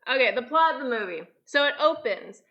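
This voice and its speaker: Woman rambling through a movie plot, giggly, kinda high voice, muffled audio. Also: lively intonation, a little fast, bright, forceful tone. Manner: rambling, giggly, swears casually. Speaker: podcast co-host. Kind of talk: casual chat, recapping a movie plot.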